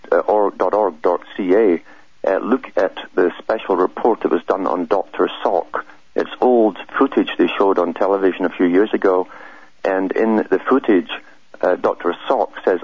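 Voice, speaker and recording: A man with a very deep, husky voice speaks earnestly as a radio guest, often stumbling and restarting. The sound is dry and muffled, like a radio broadcast. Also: dry recording. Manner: earnest, halting, many restarts. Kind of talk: talk radio conversation.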